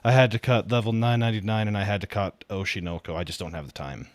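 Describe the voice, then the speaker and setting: A man's voice: on the low side, fairly even intonation, fast, no room sound. A man guesting on a casual podcast chat, giving an emphatic, matter-of-fact run through his rankings.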